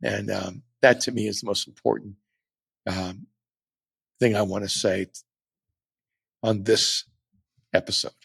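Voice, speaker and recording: Middle-aged male podcast host with a gravelly voice, earnest and reflective, often restarting his sentences. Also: lowish voice, steady tone, measured pace, pauses often, a bit bright, dry recording. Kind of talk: personal storytelling on a podcast.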